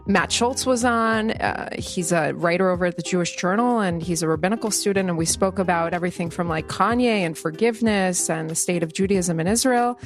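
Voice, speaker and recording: A woman's voice: lowish voice, brisk, hardly any pauses, soft background music. A woman hosting a podcast, speaking in an effusive, chatty way as she thanks a guest and runs through past episodes. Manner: warm-hearted, effusive, chatty. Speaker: podcast host. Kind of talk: podcast interview and outro.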